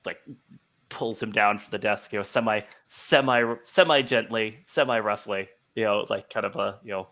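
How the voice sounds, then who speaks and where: A man's voice: lowish voice, steady tone, moderate pace, pushed and bright. A man narrating as game master over a video call, rambling with lots of fillers. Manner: rambling, heavy with fillers like "like" and "you know".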